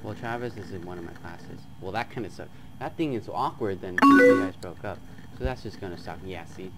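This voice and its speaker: A man playing a chat game on his channel, reading the messages aloud in a flat tone and breaking into loud, excited outbursts. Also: low-pitched, brisk, loud music behind the voice. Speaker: gaming YouTuber. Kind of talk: let's play commentary, reading chat aloud.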